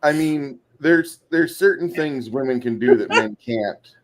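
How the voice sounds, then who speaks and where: A man's voice: mid-range voice, a little slow, a crowd in the background. A man in a mid-range voice hosts a casual chat, blunt and crude in his joking. He talks in a plain, offhand way. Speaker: podcast host. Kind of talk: casual chat about a film.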